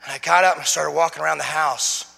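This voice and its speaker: A middle-aged man giving an emotional sermon testimony as a guest speaker, swinging from hushed to shouting. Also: a little high, steady tone, fairly quick, vocal fry, in a large hall.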